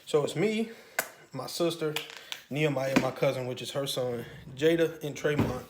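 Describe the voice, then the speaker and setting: A man in the middle of his voice range tells a storytime monologue. His delivery is profane and animated, with sudden loud outbursts. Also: mid-range voice, moderate pace, heavy background noise. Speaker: channel host.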